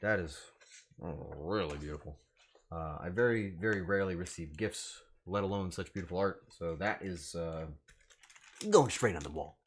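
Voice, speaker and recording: A man's voice: sits low, moderate pace. A young adult man chatting casually on a livestream, joking in mock outrage and swearing freely. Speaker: streamer.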